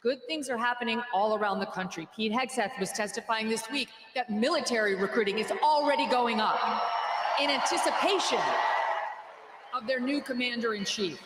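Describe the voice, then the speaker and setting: A woman's voice: fairly high pitch, normal speed. A woman giving a sarcastic, mocking political rally speech in a large hall. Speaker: rally speaker. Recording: echoey hall, faint background noise.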